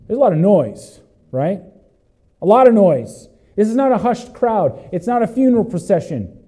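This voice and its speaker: An emphatic male preacher with a high yet mellow voice. He repeats phrases, asks his listeners questions, and swings from loud cries down to low, intense stretches. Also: big pitch swings, normal speed, husky, poor audio. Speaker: pastor. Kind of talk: sermon.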